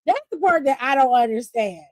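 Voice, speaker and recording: A woman with a high, bright voice hosts a casual live stream, recapping wrestling. She talks in an animated, profane way and laughs often. The sound is dry and close. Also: brisk, no room sound. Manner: animated, profane, laughing, reads chat aloud.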